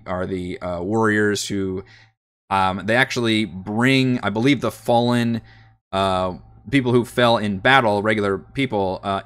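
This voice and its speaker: A man's voice: lowish voice, a bit bright. A man giving a casual, enthusiastic spoken review of a tabletop game book, chatty and full of fillers.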